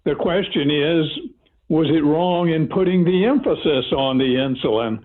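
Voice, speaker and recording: A man's voice: fairly high pitch, normal speed. A man serving as appellate judge, questioning counsel skeptically with some fillers. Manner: skeptical, pushes back with fillers. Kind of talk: questioning counsel in oral argument. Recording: tinny phone line.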